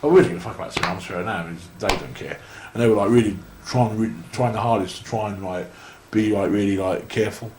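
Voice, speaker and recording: A young Englishman, a wrestler guesting on an interview, tells long rambling stories and keeps restarting his sentences. He speaks fast with few pauses in a fairly low, slightly mellow voice. The room is echoey, with a little hiss or hum.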